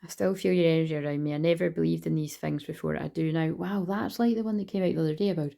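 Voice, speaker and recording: A woman's voice: low-pitched, steady tone, fast, creaky, dark tone. A young woman giving a casual, rambling tarot reading, chatty and swearing freely. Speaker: tarot reader.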